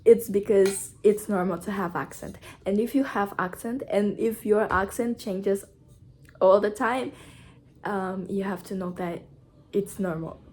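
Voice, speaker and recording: A woman's voice: mid-range voice, steady tone, unhurried, a little mellow, a little hiss or hum. A woman from Brazil with a Brazilian accent, giving motivational advice to camera in an earnest, repetitive, casual way. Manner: earnest, repetitive, simple phrasing. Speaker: vlogger.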